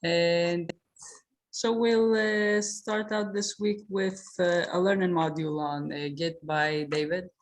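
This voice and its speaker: A woman hosting a casual online video-call meeting, introducing participants in an informal, steady way with frequent fillers. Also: fairly low pitch, takes it slowly. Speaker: meeting host.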